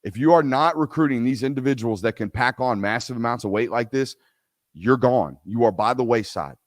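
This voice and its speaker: A man's voice: medium pitch, brisk, dry recording, studio quality. A man hosting a live sports talk show, ranting emphatically and repeating himself for effect before taking audience questions. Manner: animated ranting, emphatic repetition.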